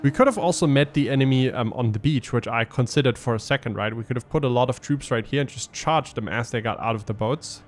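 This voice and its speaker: A man's voice: mid-range voice, fast talker, few pauses, a little hiss or hum. A man giving casual gameplay commentary as a let's play host, thinking aloud and explaining his tactics with frequent ums.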